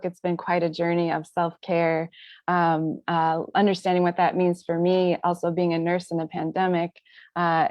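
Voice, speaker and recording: A woman poet reads her work in a measured, deliberate way. Her voice sits low and stays fairly level. The recording is dry and close, with little room sound. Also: darkish tone, no room sound. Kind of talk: poetry reading. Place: home, virtual reading.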